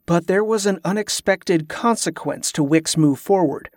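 A man's voice: high-pitched, moderate pace, a little mellow, no echo. Man narrating an audiobook, dry and close. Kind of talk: scripted narration.

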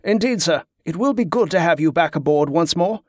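A man voicing a dutiful male lieutenant who answers briskly and deferentially. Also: fairly high pitch, expressive, a little mellow, no room sound, studio quality.

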